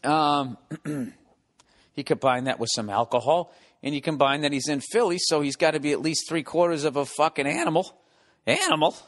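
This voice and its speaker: A man's voice: a little high, moderate pace. A middle-aged man hosting his podcast from home in a casual monologue, ranting with profane, sarcastic asides. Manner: profane, sarcastic ranting with mocking put-on voices. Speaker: podcast host. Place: home, construction noise below.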